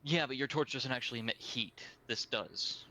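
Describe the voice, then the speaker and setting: A man's voice: mid-range voice, moderate pace, pushed and bright, a little hiss or hum. A man playing a tabletop role-playing game, speaking in character, blunt and exasperated. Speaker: player.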